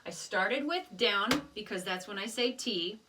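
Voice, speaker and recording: A woman's voice: medium pitch, animated, unhurried, far from the mic, noisy background. A woman teaching a children's music lesson, patiently explaining rhythms step by step and chanting rhythm syllables.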